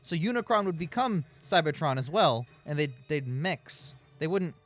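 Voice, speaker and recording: A man's voice: fairly high pitch, lively intonation, moderate pace, faint music behind. A man co-hosting a casual film review, sarcastic and nitpicking, swearing freely. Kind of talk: casual riffing commentary.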